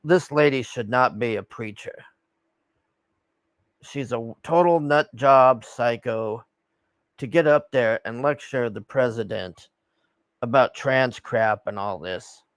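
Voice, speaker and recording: A man's voice: medium pitch, takes it slowly, clear, resonant tone, dry recording. A man reacting to a video in a casual, scoffing, profane rant.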